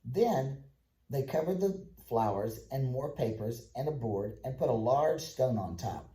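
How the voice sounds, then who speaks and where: Male storybook reader: plain, even delivery, mid pitch, roomy room sound. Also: a little slow. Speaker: audiobook reader. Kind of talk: reading a children's book aloud. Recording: echoey room.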